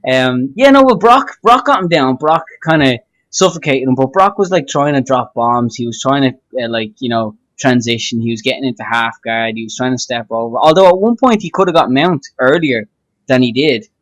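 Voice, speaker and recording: An Irish man co-hosting a podcast, talking casually about a fight in an animated, rambling way with many fillers and restarts. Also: medium pitch, moderate pace. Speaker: podcast co-host. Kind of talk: casual chat.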